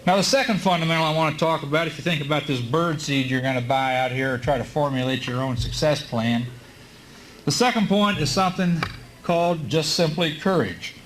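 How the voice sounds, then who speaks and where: A man's voice: a little high, slight background noise, low-quality recording. Folksy man giving a commencement speech. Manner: folksy storyteller with frequent filler pauses. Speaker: commencement speaker. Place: high school graduation ceremony.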